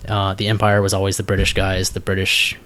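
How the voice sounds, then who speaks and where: A man's voice: low voice, monotone, fairly quick, sharp tone. A man hosting a podcast in casual chat, rambling with many fillers and restarts. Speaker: podcast host.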